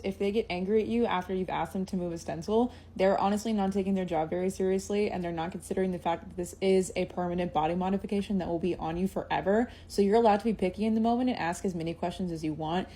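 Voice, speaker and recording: A woman's voice: medium pitch, fairly even intonation, fast, hardly any pauses, warm tone. A woman in a short clip giving firm, instructive advice to tattoo clients.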